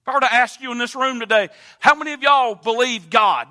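A man preaching a sermon in a church, moving from quiet teaching to loud, impassioned appeals. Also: a little fast. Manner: builds from low calm to loud impassioned preaching. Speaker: pastor. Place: church sanctuary.

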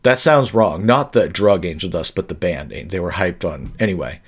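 A man's voice: deep voice, lively intonation, moderate pace, slightly rough. A man co-hosting a podcast in casual chat, rambling along with dry humor and frequent self-corrections. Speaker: podcast co-host.

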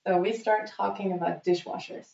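A woman recounting a bad date in easy, animated conversation. She slips into quoted lines as she talks. Her voice comes from away from the mic in an echoey room, with a dull, muffled tone. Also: medium pitch, moderate pace, vocal fry, distant mic. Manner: lively storyteller acting out quotes. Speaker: guest telling a story. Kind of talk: casual chat. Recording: dull, roomy, off-mic sound.

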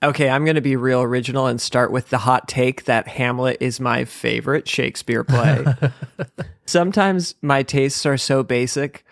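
A man's voice: medium pitch, normal speed, creaky, dry recording. Laughing man, dry close sound. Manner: self-mocking, laughs often. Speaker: podcast co-host. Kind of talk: casual podcast chat.

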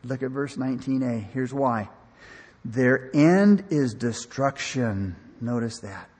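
A man's voice: mid-range voice, takes it slowly, a little mellow, breathy edge. A man preaching an earnest, emotional sermon, often restarting his words and acting out the voices in his stories, recorded in a church hall. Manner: acts out dialogue in the story he tells. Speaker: pastor. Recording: long reverb of a large hall.

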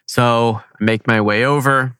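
A man casually telling a hunting story on a podcast, animated and slangy, acting out his own thoughts. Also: mid-range voice, a little slow, clear, resonant tone, no room sound.

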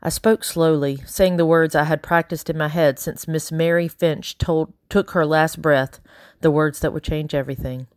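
A woman narrating a first-person audiobook in a steady, quietly dramatic way. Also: sits low, normal speed, no room sound, studio quality. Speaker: audiobook reader.

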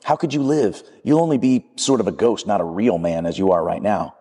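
A man's voice: fairly low pitch, fairly quick, dark tone, husky, in a large hall. A man voicing a red lizard tempter that pleads and mocks in a coaxing, wheedling way, read aloud in a sermon. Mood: pleading.

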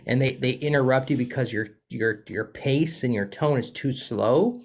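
A man's voice: medium pitch, normal speed. A man, a sales coach in a casual conversation, who talks in an affirming, enthusiastic way.

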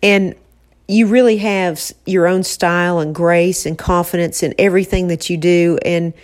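A woman's voice: lowish voice, darkish tone. A woman co-hosting a podcast from an office, chatting with her mother in an affectionate, emotional way and teasing her now and then. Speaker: podcast co-host. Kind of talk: casual heartfelt chat.

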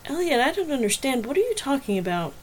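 A woman's voice: sits high, big pitch swings, fast talker, pitched above the performer's own voice. A woman playing an exasperated, pushy sister. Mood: pressing. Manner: insistent, exasperated questioning. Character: worried adult woman, sister of the heroine.

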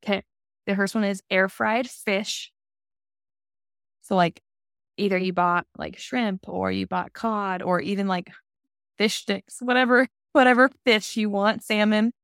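A young woman in casual podcast chat, her voice carrying a gravelly fry at the ends of phrases. She talks loosely and chattily, leaning on fillers, and the sound is close and dry with no room around it. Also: medium pitch, fairly even intonation, a little slow, dry recording. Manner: chatty, filler-heavy, warm and emotional in farewell. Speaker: podcast co-host.

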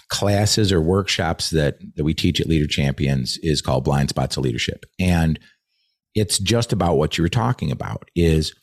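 Very deep-voiced man, dry sound. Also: a little mellow, no echo. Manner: earnest, swears freely. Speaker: leadership trainer. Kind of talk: podcast conversation.

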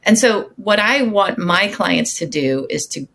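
A woman guesting as a relationship coach, sharing advice in an upbeat, quick conversational way. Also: medium pitch, expressive, gravelly, a bit bright. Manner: upbeat and advice-giving, speeds up when making a point. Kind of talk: casual conversational interview.

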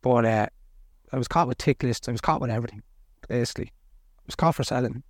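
A middle-aged Irish man, a podcast guest, tells a candid personal story plainly and earnestly in blunt, everyday words. He talks fast at an ordinary male pitch, recorded close and dry with no room sound.

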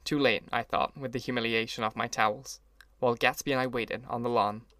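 A man reading a classic novel aloud as an audiobook, in measured, even storytelling narration. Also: mid-range voice, no echo. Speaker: audiobook reader. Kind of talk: scripted narration.

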